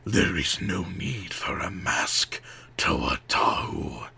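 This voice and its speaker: A man voicing a sinister, gloating male shadow lord in a slow, low, hissing whisper for an audiobook. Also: vocal fry, sharp tone, breathy edge, full character voice. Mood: menacing. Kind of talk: audiobook character voice.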